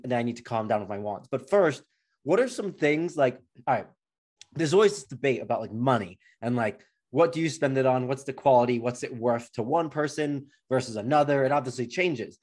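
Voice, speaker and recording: A man's voice: mid-range voice, a little mellow. A man co-hosting a podcast in casual chat, playful and rambling, joking often. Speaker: podcast co-host.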